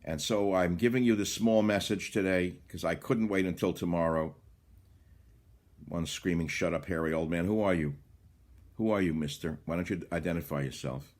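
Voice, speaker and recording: An older man with a low voice rants through a political monologue. He swings from loud indignant outbursts down to low, muttered asides. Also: normal speed. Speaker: radio talk host. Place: small cottage by the bay.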